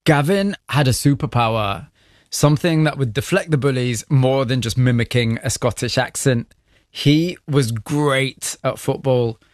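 A man presenting a radio programme, narrating scripted passages and interviewing a guest in a measured, composed way. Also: mid-range voice, no echo.

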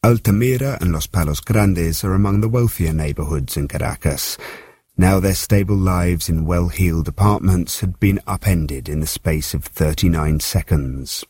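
A man reporting from the field, telling the story as a measured, scripted narration. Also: low-pitched, darkish tone, breathy edge, no room sound.

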